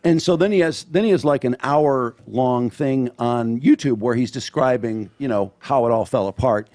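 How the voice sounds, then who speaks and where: A man guesting on a podcast, talking over how he writes comedy. His voice sits at an ordinary middle pitch, and he speaks in a measured, reflective way, pausing on ums as he thinks. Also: a little mellow. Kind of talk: casual chat.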